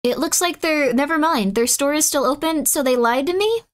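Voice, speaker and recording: A woman streamer chatting casually with her live chat, excitable and mock-outraged, swinging between loud bursts and muttered asides. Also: sits high, moderate pace.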